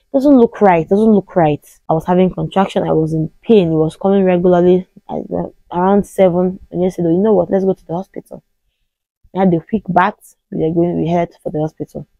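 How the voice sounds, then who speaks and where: A Nigerian woman in her thirties speaks with a Nigerian accent in a slightly low, mellow voice. She tells a personal story to the camera and acts out the voices of the people in it. The sound is close and dry, with no room echo. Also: highs cut off. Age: 30s. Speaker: vlogger.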